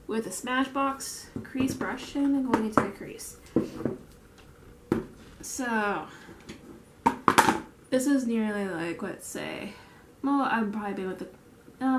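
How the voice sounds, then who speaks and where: A woman's voice: fairly high pitch, echoey room, background noise. A woman telling rambling work stories while doing her makeup, full of restarts and fillers. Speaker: vlogger; bakery store worker. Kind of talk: get-ready-with-me chat while doing makeup.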